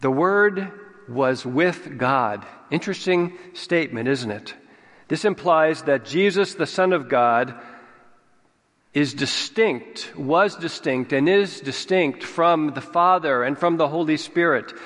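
Man, preacher, measured sermon delivery, slightly high voice, long echo of a large hall. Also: expressive, a bit bright. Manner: slow, deliberate, stresses key words.

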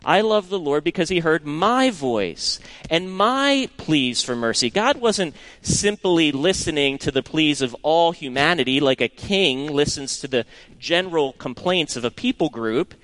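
A middle-aged man preaching a sermon and reading scripture, earnest and expressive, sometimes dropping to a hushed tone for emphasis. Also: on the high side, normal speed.

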